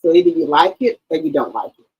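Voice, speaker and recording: A middle-aged woman hosting a livestream, chatting in a casual, animated storytelling way and calling her listeners baby and girl. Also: sits low, fast talker, breathy edge, lo-fi sound. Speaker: livestream host.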